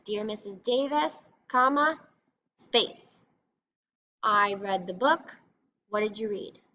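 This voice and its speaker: A woman's voice: medium pitch, bright, forceful tone. A woman teacher giving a recorded lesson, patiently explaining step by step in an encouraging way. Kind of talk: recorded classroom reading lesson. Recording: slightly dull lo-fi recording with faint noise.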